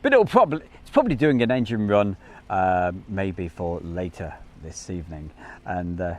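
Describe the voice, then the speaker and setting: Midlands-accented male stream host, casual and self-deprecating, animated delivery. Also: sits low, moderate pace. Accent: English Midlands. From English Midlands. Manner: chatty, rambling, self-deprecating. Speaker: livestream host. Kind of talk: casual live commentary.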